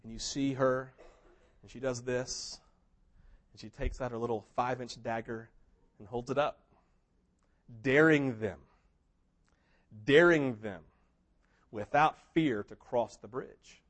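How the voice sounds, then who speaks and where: A man preaching a sermon, telling a story with big swings between loud, excited passages and hushed ones, sometimes acting out what characters say. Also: mid-range voice, measured pace. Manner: mimics characters in quoted asides. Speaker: pastor.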